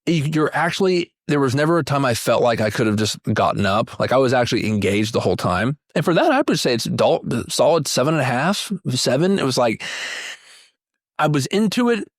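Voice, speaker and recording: Animated man chatting about a movie. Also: fairly quick, dry recording, studio quality. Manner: animated, jumps into high-pitched impressions. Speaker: podcast co-host. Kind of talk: casual movie review chat.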